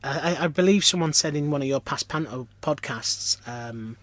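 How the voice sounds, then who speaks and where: A pantomime performer from Lancashire, England, chats as a podcast guest in a casual interview, telling self-deprecating stories full of restarts. His voice is a little high and fairly bright, at a moderate pace.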